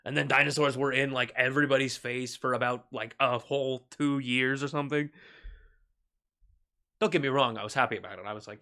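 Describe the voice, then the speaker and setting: A man streaming a shooter game in casual, jokey commentary, swearing freely and laughing often, with excited yelps when the game turns. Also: mid-range voice, a little fast.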